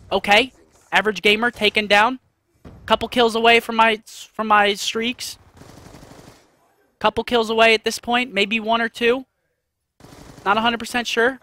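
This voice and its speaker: High-voiced excitable gamer guy. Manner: excitable, slangy, breaks into loud swearing outbursts. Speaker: gaming YouTuber. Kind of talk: live gameplay commentary.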